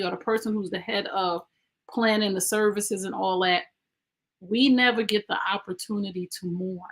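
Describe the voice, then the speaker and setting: A woman's voice: medium pitch, fairly bright tone. Woman, podcast host, emphatic, conversational, personal storytelling. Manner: emphatic, conversational, speaking straight to listeners.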